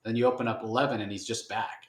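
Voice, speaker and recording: A man's voice: lowish voice, fairly even intonation, fast talker. A man co-hosting a podcast, chatting casually and wryly as he reviews a comic, often restarting his sentences. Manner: rambling, wry, many restarts. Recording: roomy echo.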